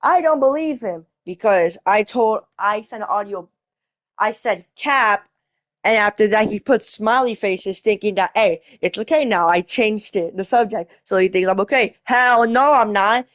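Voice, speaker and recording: A woman's voice: mid-range voice, measured pace, no echo, studio quality. A woman vlogging a casual storytelling rant, rambling, restarting herself and swearing as she retells an argument from a chat.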